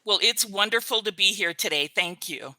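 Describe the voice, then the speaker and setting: Chatty older woman, bright, dry sound. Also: medium pitch, animated, dry recording. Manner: chatty storyteller, quick to laugh. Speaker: author's virtual assistant, guest. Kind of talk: casual interview chat.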